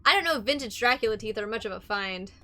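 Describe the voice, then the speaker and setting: A woman's voice: a little high, animated, fast talker, pushed and bright. A young adult woman giving casual, rambling gameplay commentary as a let's-play streamer. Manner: chatty, rambling, lots of fillers.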